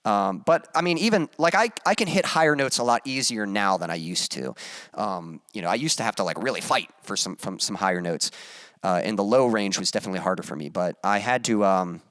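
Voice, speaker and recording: A man's voice: fairly low pitch, lively intonation, a little fast, a bit bright, no echo, clean studio sound. A young adult man, a musician, chatting casually on a live stream, reading viewer comments and rambling with many fillers and restarts.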